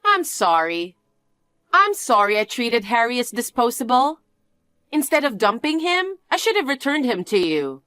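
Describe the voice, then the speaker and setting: A spoiled, husband-stealing young niece, as a woman puts her on, sneering and sing-song as she taunts. Her voice sits high and swings widely in pitch, and she often draws her words out slowly. It is recorded close and dry, with no room sound. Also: sing-song, pushed and bright, clean tone, no echo. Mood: flippant. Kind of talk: scripted dialogue drama.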